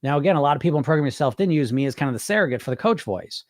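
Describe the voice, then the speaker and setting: A man's voice: a little high, animated, very fast, no echo, clean studio sound. A man hosting a weight loss podcast, coaching listeners in a casual, earnest and emphatic way and repeating phrases for stress. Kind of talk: casual coaching talk answering a listener question.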